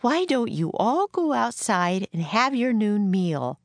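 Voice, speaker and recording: A woman voicing a gentle, earnest frontier schoolteacher in a storybook reading, a little above her own pitch. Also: sing-song, takes it slowly, dry recording. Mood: kindly. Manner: gentle, encouraging, a little proper.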